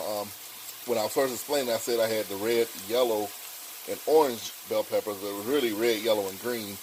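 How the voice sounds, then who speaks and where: A man with a low voice walks through a home recipe in an easygoing, folksy way. He talks casually from his kitchen stove, and a faint sizzle of frying sits under his voice. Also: background noise. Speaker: home cook. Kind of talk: casual cooking tutorial.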